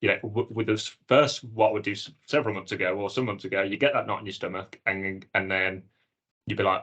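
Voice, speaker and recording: A man co-hosting a podcast, telling his own experience in an earnest, animated way. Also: lowish voice, fast. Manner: earnest, animated storytelling with acted-out inner dialogue. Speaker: podcast co-host. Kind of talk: casual chat.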